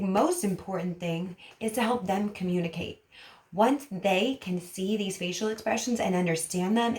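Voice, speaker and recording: A woman speech therapist explaining to parents in an animated, demonstrative way, acting out emotions as she teaches. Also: mid-range voice. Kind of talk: parent education vlog. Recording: roomy echo.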